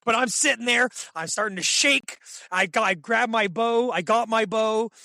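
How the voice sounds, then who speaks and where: A young man telling hunting stories as a podcast guest, in an excitable, animated way full of fillers. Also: extremely high pitch, moderate pace, dry recording. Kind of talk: casual storytelling.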